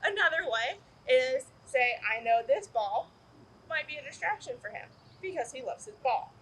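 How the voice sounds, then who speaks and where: A woman teaching dog training outdoors, explaining in an upbeat way and breaking into excited praise for her dog. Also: sits high, normal speed, a little hiss or hum, rough recording. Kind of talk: instructional video.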